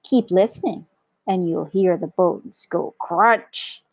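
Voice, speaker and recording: A woman voicing a greedy male crocodile villain in a children's story, slow and gloating. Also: on the low side, vocal fry, darkish tone, no room sound, exaggerated voice. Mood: sly gloating.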